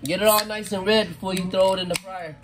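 A middle-aged man casually talking viewers through cooking crawfish outdoors, savoring the food with drawn-out mms. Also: high voice, fairly even intonation. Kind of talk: casual cooking vlog talk. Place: outdoors at a campsite.

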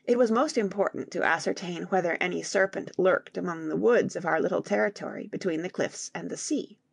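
A woman in scripted audiobook narration, reading in a measured way and voicing the characters. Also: on the low side, vocal fry, breathy edge, no echo, clean studio sound.

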